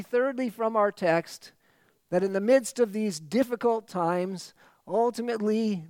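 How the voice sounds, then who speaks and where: A man delivers a sermon with emphatic, repeated phrases. His voice sits high and rings smooth and resonant. The sound is dry and close, with almost no room echo. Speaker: pastor.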